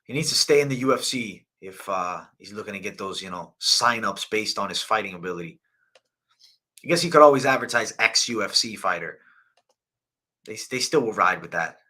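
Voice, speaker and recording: Brief: young male host, bright tense tone, loose profane chat about fight picks. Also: fairly low pitch, lively intonation, brisk. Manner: casual, profane, slangy. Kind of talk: live fight betting breakdown.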